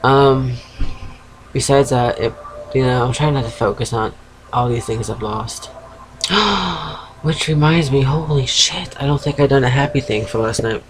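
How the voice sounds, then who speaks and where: A man's voice: medium pitch, moderate pace, noisy background. A man in his thirties with a fading East Coast US accent, talking frankly in a rambling video diary at home while feverish and sedated. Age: 30s. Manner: rambling, frank, swears casually, self-interrupting. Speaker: vlogger. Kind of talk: casual confessional video diary. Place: at home by a computer.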